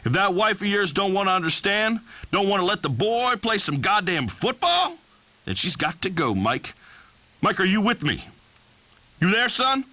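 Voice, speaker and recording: A man's voice: sits high, big pitch swings, moderate pace, bright, forceful tone, dry recording, heavily acted. An actor playing a crude, pompous redneck man hosting a call-in radio show, swaggering and preachy. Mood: blustering.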